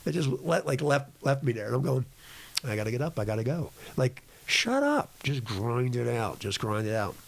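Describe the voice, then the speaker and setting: A middle-aged man as a podcast guest, telling stories in a rambling, gruff and blunt way. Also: mid-range voice, fairly quick. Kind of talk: casual chat.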